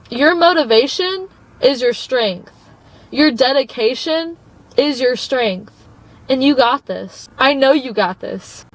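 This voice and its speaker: A woman's voice: high voice, rough recording. A young woman vlogger giving an earnest, encouraging motivational talk to her phone camera, calling viewers babe. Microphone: phone propped up.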